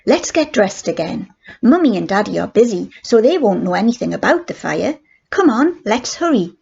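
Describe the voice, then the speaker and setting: An older woman reading aloud, voicing an excited schoolboy with eager exclamations. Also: medium pitch, moderate pace, vocal fry, slightly rough, dull audio, exaggerated voice.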